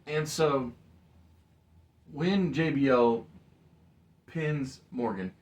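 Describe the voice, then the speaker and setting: A man narrating a wrestling match in casual play-by-play chat, acting out wrestlers' lines in animated storytelling. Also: medium pitch, very slow. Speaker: co-host, game narrator.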